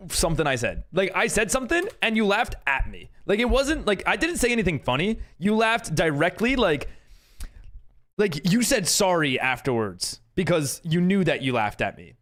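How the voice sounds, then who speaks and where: A man's voice: on the high side, fairly bright tone. A man streaming a game live, chatting casually with viewers and friends and reading chat aloud, laughing often.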